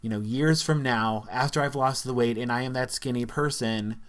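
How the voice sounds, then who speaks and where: A man's voice: medium pitch, fairly even intonation, moderate pace, fairly bright tone. A man, talking earnestly and reflectively to camera in a casual vlog, with frequent fillers. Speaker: vlogger.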